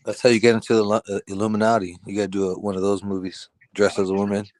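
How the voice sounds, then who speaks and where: A man co-hosting a live podcast, animated and playful, laughing and teasing. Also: on the low side, very fast. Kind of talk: casual live-stream chat.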